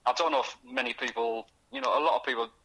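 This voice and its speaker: A young man is talking in a casual radio interview. His voice is bright and forceful, and his sentences halt and restart as he slips into the voices of the people in his stories. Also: mid-range voice, very animated, vocal fry, husky, low-quality recording. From North East England. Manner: halting, many restarts, acts out quoted voices. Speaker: guest author. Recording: radio studio.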